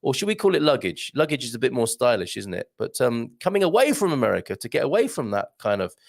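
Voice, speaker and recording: A man's voice: medium pitch, very animated, fast talker, vocal fry. A middle-aged British man hosting a live show, chatting casually and wryly as he reads out viewer comments, with many ums and asides. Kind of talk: casual live-stream chat.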